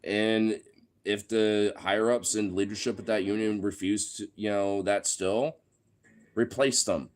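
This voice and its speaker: A man talking in a casual, rambling monologue, swearing often and getting heated, with lots of "you know" fillers. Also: lowish voice. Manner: profane, heated ranting with frequent fillers.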